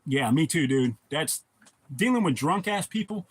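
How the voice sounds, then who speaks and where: A man chats on a live stream, telling blunt, profanity-laced stories to his viewers. His voice is a little husky and sits somewhat high for a man. He talks plainly and bluntly. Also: expressive, normal speed, low-quality recording. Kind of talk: casual storytelling to a live chat.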